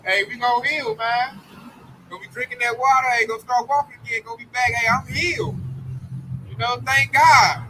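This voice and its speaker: A man's voice: very high voice, steady tone, brisk, bright, forceful tone, a little hiss or hum, low-quality recording. A man preaching an informal sermon in a fervent, slangy, emphatic way. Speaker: street preacher.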